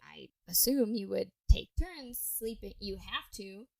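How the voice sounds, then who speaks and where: A woman's voice: mid-range voice, big pitch swings, measured pace, gravelly, crowd noise, rough recording. A young adult woman co-hosting a casual podcast, telling a history story with plenty of swearing and tangents. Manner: swears freely, chatty and tangent-prone.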